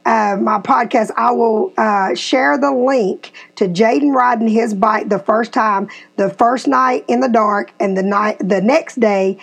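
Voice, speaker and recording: Woman, fifties, podcast host, lively storyteller. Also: on the high side, a little slow, vocal fry, hardly any pauses. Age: 50s. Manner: animated storyteller, acts out quotes. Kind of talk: casual storytelling chat.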